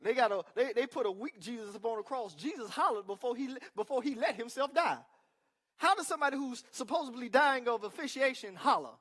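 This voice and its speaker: A man's voice: very high voice, brisk. Emphatic male pastor preaching. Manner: emphatic preaching with call-and-response asides; swings between loud declarations and quiet asides. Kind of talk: sermon.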